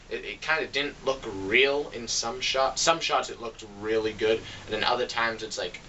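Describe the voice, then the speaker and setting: Man, casual movie-review rant, bright edgy voice, sarcastic and fed up; faint hiss, a bit off-mic. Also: far from the mic, muffled recording. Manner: exasperated, sarcastic, acts out quotes with big pitch jumps. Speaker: film reviewer.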